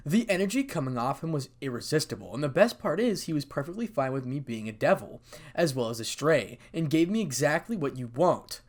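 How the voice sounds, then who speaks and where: A man's voice: a little high, big pitch swings, brisk. Man doing a teasing cat-girl devil. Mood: playful.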